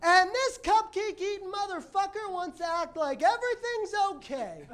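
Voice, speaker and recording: A man voicing a furious woman yelling at pigeons on the street, in a stand-up routine. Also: very high-pitched, animated, normal speed, background noise, voice pushed up. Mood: ranting. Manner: shrieking, stomping, shaking fists.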